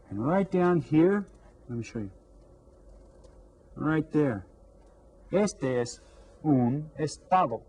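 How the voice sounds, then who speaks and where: A man teaching a lesson to young pupils, repeating words slowly and clearly. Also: mid-range voice, dark tone, a little hiss or hum, poor audio. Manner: slow, drawn-out repetition of words. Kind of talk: classroom lesson to children.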